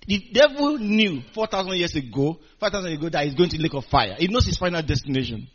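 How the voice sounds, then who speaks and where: A man preaching a sermon, animated and calling out to his congregation, chuckling between points. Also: a little high, breathy edge. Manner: animated, call-and-response with congregation. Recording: dull lo-fi recording.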